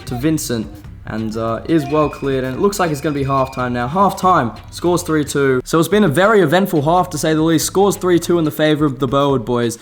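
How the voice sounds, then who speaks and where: A man doing jokey, excitable play-by-play commentary over amateur football highlights, bantering with his co-commentator. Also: fairly quick. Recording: voice-over with faint music behind.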